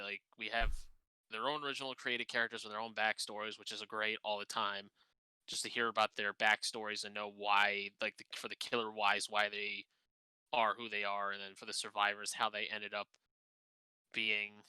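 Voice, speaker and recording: Podcast co-host, male, lowish voice, very bright and crisp, dry close sound, loose and sweary. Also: moderate pace, no echo, rough recording. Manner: swears often, excitable, laughs a lot. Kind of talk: casual podcast chat.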